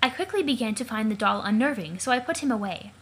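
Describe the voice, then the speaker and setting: Woman reading as a proper young lady, polite and precise, pitched a little high, breathy. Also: animated, fast, fairly bright tone. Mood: formal. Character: prim, proper young woman with formal speech. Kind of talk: voice acting a comic for a let's play.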